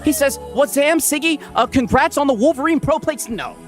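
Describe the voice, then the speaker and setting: Animated streamer man, lively pitch. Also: normal speed, soft background music. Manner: animated, repeats "right?" constantly, reads chat shout-outs. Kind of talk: casual live-stream chat.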